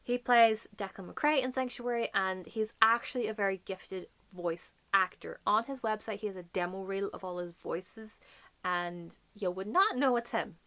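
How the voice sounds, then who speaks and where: A woman's voice: mid-range voice, normal speed, bright, forceful tone. A woman from Northern Ireland with a light Northern Irish accent, chatting casually to camera as a book vlogger, gushing and playful with whispered asides.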